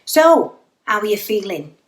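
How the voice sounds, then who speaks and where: An actress putting on the voice of the Doctor, a chatty, upbeat woman with a Northern English accent who babbles brightly. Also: medium pitch, very animated, unhurried, echoey room.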